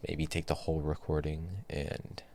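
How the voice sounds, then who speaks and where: A young man hosting his own podcast, telling a rambling, animated story with swearing and self-mocking asides. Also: a bass voice, moderate pace. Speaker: podcast host. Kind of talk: casual solo podcast storytelling.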